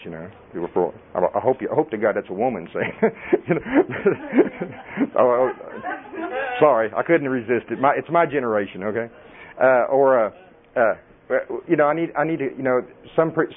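Folksy preacher on tinny audio. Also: male voice, mid-range voice. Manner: folksy and animated, laughing often. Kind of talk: sermon.

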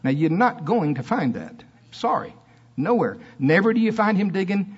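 Fiery preacher man, husky voice. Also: fairly high pitch, expressive, moderate pace, dull audio. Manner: fiery, swings from loud emphasis to soft asides. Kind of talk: sermon. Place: church.

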